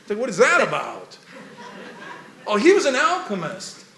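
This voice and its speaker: A man giving an animated, rambling talk about poetry, laughing often as he goes. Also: high-pitched, moderate pace, vocal fry, reverberant.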